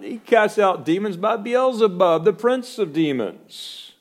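Guy pastor preaching in church, kinda high voice, gets loud then real quiet for warnings. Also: animated, measured pace. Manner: emphatic, swinging between loud proclamation and hushed warning. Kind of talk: sermon.

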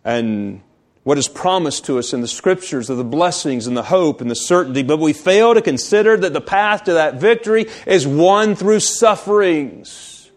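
Man preaching, slow and emphatic. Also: fairly high pitch, lively intonation. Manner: reads scripture aloud, then explains it with emphasis; slows down to stress key words. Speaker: pastor. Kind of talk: sermon.

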